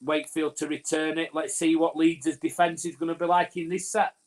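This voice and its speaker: Speaking briskly in a slightly high, level voice, a man from Northern England co-hosts a fans' live watch-along of rugby league. He rambles, interrupts his co-host, and keeps using fillers and starting over.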